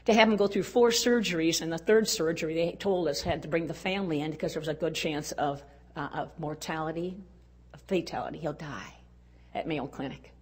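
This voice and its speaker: An older woman speaking at a women's conference, telling a personal story in an earnest way and dropping to a hush at tender moments. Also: sits low, fairly quick, husky. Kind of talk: storytelling talk.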